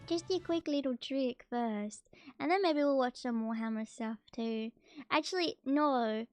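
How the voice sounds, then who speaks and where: Woman streamer, high voice, unhurried, playful casual chat with soft music behind. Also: dry recording. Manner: chatty and playful, jumping much higher when excited. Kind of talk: casual stream commentary reacting to a video.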